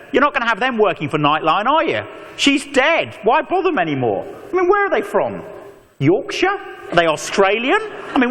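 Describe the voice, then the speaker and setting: A man preaching an animated evangelistic talk, telling stories with mock voices and asides. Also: sits high. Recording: long echo of a large hall.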